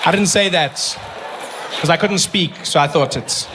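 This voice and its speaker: A man with a South African accent doing stand-up comedy, animated, acting out characters and shouting some lines. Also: a little high, moderate pace, background noise.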